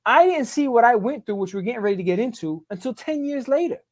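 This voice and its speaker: A man's voice: very high voice, expressive, quick pace, a little mellow. A middle-aged man telling his life story as a podcast guest in emphatic, profane street talk. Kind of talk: casual storytelling.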